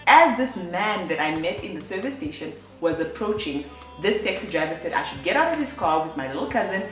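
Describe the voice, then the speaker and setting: A young woman tells a story to her vlog viewers, chatty and full of fillers. Her voice sits at a middle pitch. She sounds a little distant from the mic, in a roomy space with soft music behind. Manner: chatty, lots of fillers and self-corrections. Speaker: vlogger. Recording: echoey room, voice off-mic, faint music.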